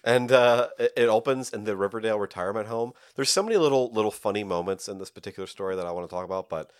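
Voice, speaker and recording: Deep-voiced guy cohost, dry close sound, giggly, lots of uhs. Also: quick pace, clean tone, no echo. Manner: animated, giggly, trails off with filler words. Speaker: podcast co-host. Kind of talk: casual chat about comics.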